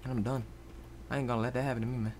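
A man giving rambling Let's Play commentary at his computer, jumping between loud outbursts and muttered whispers. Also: mid-range voice, level tone, very fast, slight background noise. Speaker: gaming YouTuber. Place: at a computer, indoors.

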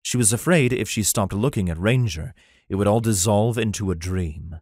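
A man narrating a fantasy romance audiobook in an even, plain storytelling manner. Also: lowish voice, normal speed, no echo, clean studio sound. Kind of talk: scripted narration.

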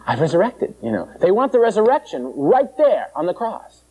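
A man preaching an informal sermon, animated and joking, jumping into high mocking voices and chuckling between points. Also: moderate pace, dull audio.

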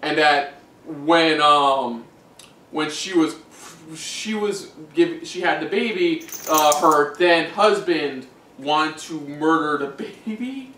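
A man's voice: on the high side, slow pace, sharp tone. Hesitant man recapping in an echoey room. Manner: hesitant, many ums, restarts. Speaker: co-host of a reaction show. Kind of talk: casual recap chat. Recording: echoey room, mic at a distance, faint noise.

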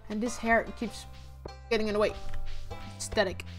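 A woman's voice: medium pitch, flat delivery, normal speed, soft background music. Chatty woman streaming a farming game. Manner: chatty, self-correcting running commentary. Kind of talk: casual gameplay chat.

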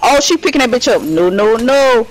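A man playing a shooter game with a friend, chatting casually, excitable and quick to protest and joke. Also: very high voice, poor audio. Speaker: gaming teammate. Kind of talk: casual gaming chat.

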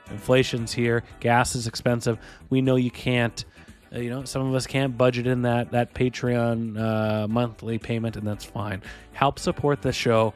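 A man hosts a podcast in a relaxed, chatty way. His voice sits mid-range and he slips into other people's voices as he tells stories. Faint music plays under him. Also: mid-range voice. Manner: animated storyteller, acts out voices. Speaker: podcast host. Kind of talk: casual chat and show plugs.

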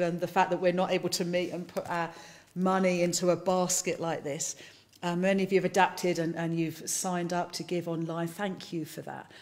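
Woman, service leader, low-pitched, chatty and playful sign-off. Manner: chatty and playful, talks while eating biscuits. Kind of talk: casual closing remarks to an online congregation.

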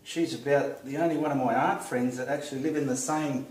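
Australian man, casual chat, friendly and unhurried, mid pitch, echoey room. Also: steady tone. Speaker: artist vlogger. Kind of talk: casual shout-outs while painting. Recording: roomy echo, distant mic.

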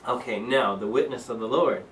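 A man's voice: medium pitch, normal speed, fairly bright tone, roomy sound, far from the mic, a little hiss or hum, rough recording. A man leading a Bible study, reading scripture aloud and explaining it earnestly, with many fillers and restarts. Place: church room.

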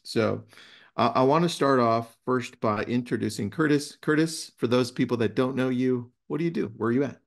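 A man's voice: lowish voice, vocal fry. A man hosting a casual webinar, telling stories with energy and reading passages aloud. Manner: animated storyteller, reads passages aloud. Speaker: webinar host.

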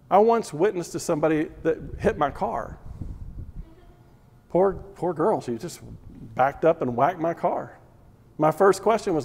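A male Bible teacher preaching with emphatic, repetitive phrasing and pointed rhetorical questions. His voice sits slightly high for a man. The sound rings out with the long reverb of a big hall. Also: lively intonation, a little slow, creaky, pauses often, darkish tone. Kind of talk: sermon.

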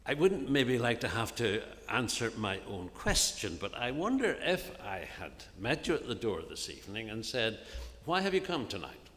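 A man preaching an earnest sermon in a church, often dropping to a soft, hushed voice on key phrases. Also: fairly low pitch, sing-song, moderate pace, few pauses. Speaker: minister preaching. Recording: long reverb of a church hall, faint ambience.

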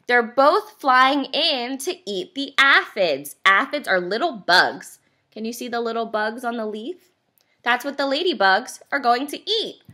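A woman teacher reading a picture book aloud to young children, asking them questions as she goes. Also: fairly high pitch. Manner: slow, expressive, asks children questions.

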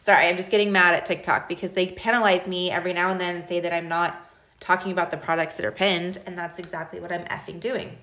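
A woman in her thirties hosting a live stream, talking casually and directly to her viewers in an animated, chatty way. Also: lowish voice, quick pace. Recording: echoey room.

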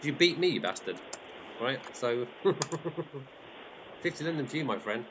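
A man hosting a group in excitable, chatty live commentary, often laughing as he talks. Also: medium pitch, measured pace, lo-fi sound, background noise. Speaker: group host.

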